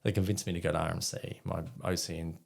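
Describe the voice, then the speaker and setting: Talking fast in a low, gravelly, slightly mellow voice with a flat delivery, an Australian man spins rambling stories as a podcast guest. The chat is casual, his anecdotes are peppered with quoted dialogue, and he swears freely.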